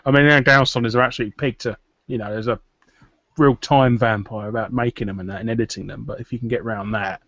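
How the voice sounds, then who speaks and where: A man's voice: medium pitch, fairly even intonation, quick pace, fairly bright tone, dry recording. A man on a live stream chatting bluntly and joking with the other guests. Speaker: guest YouTuber. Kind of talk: casual live-stream chat. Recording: dull dry lo-fi sound.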